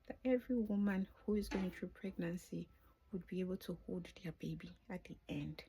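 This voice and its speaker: A woman's voice: fairly low pitch, steady tone, fairly quick, dark tone, breathy edge. A middle-aged woman telling her own birth story off the cuff in a vlog, emotional, sometimes dropping to a whisper. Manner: emotional, drops to a whisper at tender moments. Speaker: vlogger. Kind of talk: unscripted personal storytelling.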